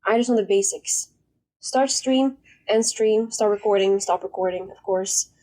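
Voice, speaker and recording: A woman's voice: mid-range voice, measured pace, mellow, rough recording. A young woman streamer chatting casually and rambling bluntly, swearing now and then. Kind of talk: casual live-stream chat.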